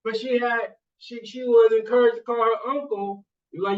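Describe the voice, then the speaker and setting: A man's voice: very high-pitched, steady tone, moderate pace, few pauses. A man telling a casual, rambling story in street slang, often repeating his catchphrases and growing emphatic at times. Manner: rambling, repeats "you see what I'm saying". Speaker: vlogger and college student. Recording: distant, muffled lo-fi sound.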